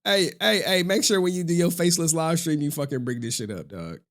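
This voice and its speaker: High-voiced man ranting on a stream. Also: fairly quick. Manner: animated, profane, frequent laughing. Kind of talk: reaction stream commentary.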